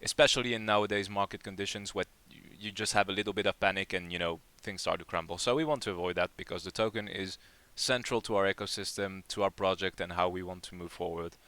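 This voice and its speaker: A man's voice: low voice, steady tone, fast, hardly any pauses, sharp tone, smooth, dry recording. A man hosting a live community Q&A, chatting casually and rambling with lots of fillers and restarts. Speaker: project lead hosting a community AMA.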